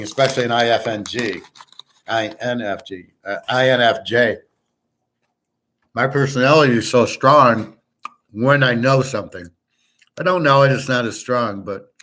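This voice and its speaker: A man's voice: mid-range voice, a bit bright. A man hosting his own show, telling stories in a blunt, boastful, profane casual monologue and acting out both sides of each exchange. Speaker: host of a sports picks show.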